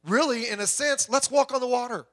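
Middle-aged male preacher, high and bright, casual and joking from the pulpit. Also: brisk. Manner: folksy, joking, conversational preaching. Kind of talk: sermon.

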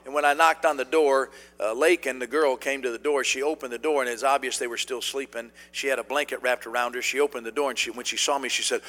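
Bright-voiced preacher in a reverberant hall. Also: male voice, on the high side. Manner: folksy, animated preaching, many fillers and restarts. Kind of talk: sermon with storytelling.

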